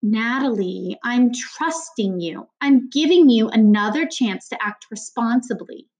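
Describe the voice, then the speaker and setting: A woman's voice: fairly high pitch, a little slow, a little mellow. A woman reading a worried middle-aged mother's lines in an audiobook, hesitant with forced heartiness.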